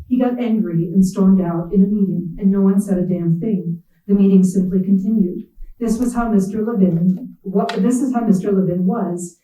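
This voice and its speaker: Writer reading aloud, wry and measured, mellow voice, echoey hall, heard from afar. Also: mid-range voice, distant mic. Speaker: visiting writer. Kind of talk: literary reading in second person.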